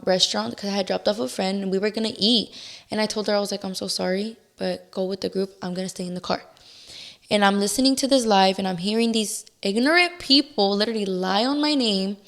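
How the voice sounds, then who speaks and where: A young woman guest in a casual interview, candidly retelling events with lots of "like" and re-enacted outbursts. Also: medium pitch. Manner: candid, animated storytelling with many "like"s and re-enacted outbursts. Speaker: podcast guest.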